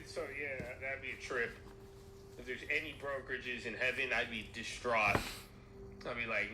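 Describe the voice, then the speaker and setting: A man's voice: mid-range voice, normal speed, bright, forceful tone. A man talking casually and rambling, swearing freely and acting out imagined conversations. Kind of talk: casual chat. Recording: echoey room with noise.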